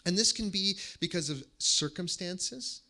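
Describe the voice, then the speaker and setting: Bright-voiced man preaching. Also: high voice, a little slow. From United States. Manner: animated storytelling with gentle humor. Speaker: pastor. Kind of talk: sermon.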